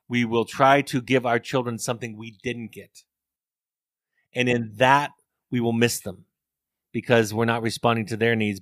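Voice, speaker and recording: A man's voice: medium pitch, fairly bright tone, no echo. Middle-aged male therapist, earnest and reflective, dry close recording. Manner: earnest, storytelling, repeats words as he thinks. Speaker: therapist and author. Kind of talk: reflective interview talk.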